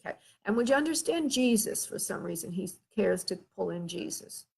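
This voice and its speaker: A woman hosting a show as a spirit medium, giving a live reading in a gentle, soothing way and often checking that the caller understands. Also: mid-range voice, lively intonation, brisk, vocal fry, breathy edge. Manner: hesitant, with frequent filler sounds and restarts.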